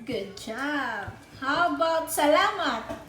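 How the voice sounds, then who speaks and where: Very high-voiced woman, unhurried. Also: lively intonation, a bit bright, roomy sound, faint music behind. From Philippines. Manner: playful, coaxing, talks to kids and camera. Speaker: family vlogger. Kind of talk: casual family vlog chat.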